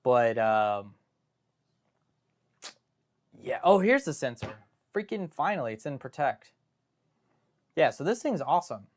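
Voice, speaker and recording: A man's voice: medium pitch, sing-song, measured pace, pauses often, darkish tone. A young man hosting a live stream, chatting casually and rambling through joking asides and self-interruptions.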